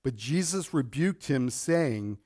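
A male pastor preaching a Bible-teaching sermon. He is animated, asks his congregation questions, and adds playful asides. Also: mid-range voice, slow.

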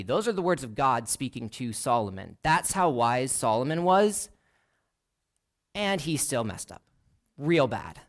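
A man preaching a sermon, earnest and deliberate, slowing down to lean on key words. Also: mid-range voice.

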